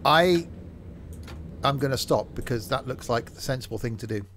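A man streams a game, joking and chatting casually as he narrates his own driving. His voice is medium in pitch and fairly bright, at a moderate pace, with game vehicle noise in the background.

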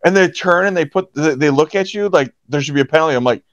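A man's voice: fast, no echo. A man who works as a hockey referee, chatting casually in an interview and acting out quotes from players with big jumps in his voice. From Pittsburgh area, USA. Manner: animated storyteller, acts out quotes with jumps in pitch. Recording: dry, slightly dull podcast audio.

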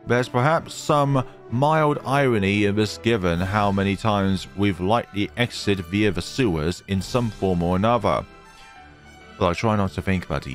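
A man hosting a let's play, reading a horror visual novel aloud and breaking off for joking asides. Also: deep voice. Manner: lively, jumping between reading and joking asides. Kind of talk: dramatic story reading with asides.

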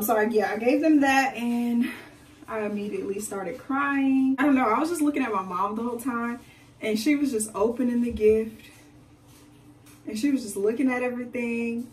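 A young woman, a beauty vlogger, chatting casually with viewers in an animated way as she tells a personal story during a hair routine at home. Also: mid-range voice, distant mic, a little hiss or hum. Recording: echoey room, away from the mic.

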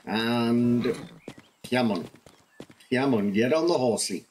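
A man's voice: mid-range voice, slow, a little hiss or hum. A man casually commenting as he plays a game, rambling and narrating his own moves. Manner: rambling, self-narrating play. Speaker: gaming video host.

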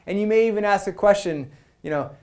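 A man giving a presentation at a meetup. He talks to the audience in a conversational, energetic way and acts out quoted lines. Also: sits high, fast talker. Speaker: product management speaker.

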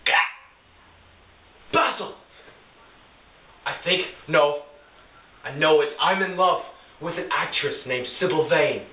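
A young man playing a vain, dramatic young gentleman in an amateur drama, with a theatrical, overwrought delivery. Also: fairly high pitch, takes it slowly, long pauses. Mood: lovestruck. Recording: echoey, distant, tinny and lo-fi with hiss.

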